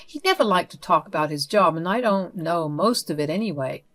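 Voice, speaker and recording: Woman reading a first-person story, steady and even, kinda low voice. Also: brisk. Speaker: story narrator.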